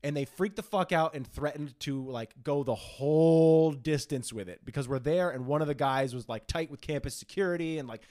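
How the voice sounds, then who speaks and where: A young man co-hosts a podcast, his slightly high, darkish voice moving a little fast with few pauses. He tells stories in casual chat, swears a lot, and mocks people in put-on voices.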